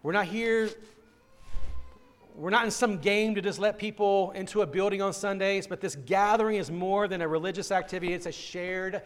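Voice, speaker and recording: Guy preaching a sermon, pretty high voice, earnest, keeps restarting with "I, I". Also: normal speed. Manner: earnest, direct address to listeners, repeats words when starting phrases. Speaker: pastor.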